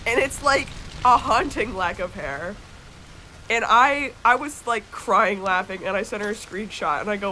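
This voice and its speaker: A woman's voice: mid-range voice, normal speed, bright, forceful tone, a little hiss or hum. A young American woman streaming a game, telling a rambling story with lots of fillers and casual swearing. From United States. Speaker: gaming streamer. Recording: game sounds and hoofbeats under the voice.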